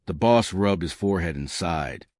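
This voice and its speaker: A man narrating scripted jokes in a lively storytelling manner. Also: deep voice, normal speed, dry recording, studio quality. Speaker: joke narrator.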